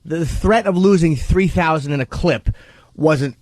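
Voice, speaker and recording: A man hosting a talk radio show, arguing the other side in halting, restarting phrases. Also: fairly high pitch, a little mellow, no echo. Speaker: radio host. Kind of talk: casual talk-radio conversation.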